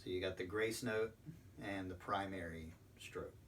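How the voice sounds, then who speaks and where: The low, unhurried voice belongs to a percussion instructor patiently breaking down drum rudiments step by step, with some ums along the way. It's a recorded lesson captured on a faraway mic with faint noise behind it.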